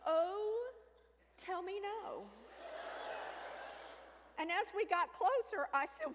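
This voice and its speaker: A woman telling a comic story on stage, animated, with sudden shrieks and hushed asides. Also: very high voice, takes it slowly, long pauses, heavy background noise. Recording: reverberant hall with faint ambience.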